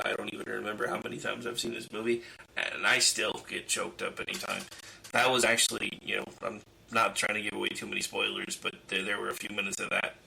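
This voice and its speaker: A man's voice: on the low side, vocal fry, pushed and bright. A man co-hosting a radio show in easygoing casual chat, hesitant with fillers. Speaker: radio co-host.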